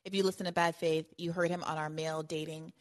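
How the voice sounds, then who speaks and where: A woman's voice: deep voice, flat delivery. A woman hosting a call-in podcast, talking casually, laughing often and cutting herself off mid-thought. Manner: quick, laughs often, self-interrupting. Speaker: podcast host.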